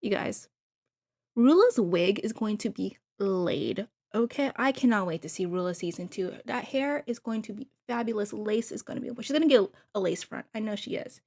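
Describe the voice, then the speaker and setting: A woman talking straight to her viewers in a loose, gossipy recap. Her voice sits at an ordinary middle pitch. She chats freely and breaks off into gushing asides to her audience. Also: animated, normal speed, a little mellow. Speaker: TV recap host.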